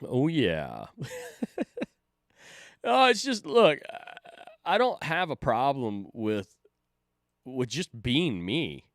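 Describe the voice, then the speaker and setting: A man's voice: medium pitch, sing-song, extremely slow, pauses often, fairly bright tone, no echo, studio quality. A man hosting a stream, talking in a casual, rambling and profane way, often mocking himself and laughing. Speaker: streamer host. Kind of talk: casual chat.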